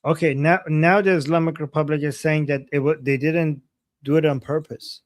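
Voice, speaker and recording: A man from Iran co-hosting a casual news commentary, excitable and exclaiming often. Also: a little high, moderate pace, no echo, clean studio sound. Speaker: co-host.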